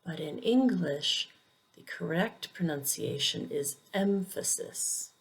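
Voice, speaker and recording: A woman's voice: low voice, slightly rough. A woman teaching English pronunciation, speaking carefully and repeating each word for learners to copy. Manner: careful, deliberate, repeats words for drilling. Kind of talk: slow, clear pronunciation lesson.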